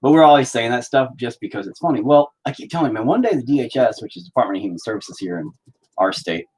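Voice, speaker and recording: A man's voice: mid-range voice, lively intonation, fast talker, a little mellow, a little hiss or hum. A man rambling and swearing in mock anger as he paints and talks to his viewers. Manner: profane, rambling, mock-angry. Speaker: painting vlogger. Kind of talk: casual rant while painting.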